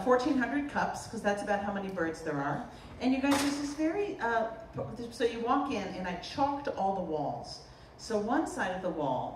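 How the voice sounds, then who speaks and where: A woman from the Boston area, a potter giving a humorous artist talk, telling stories in an animated, joking way. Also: mid-range voice. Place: lecture room at a festival. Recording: roomy, distant mic, faint noise.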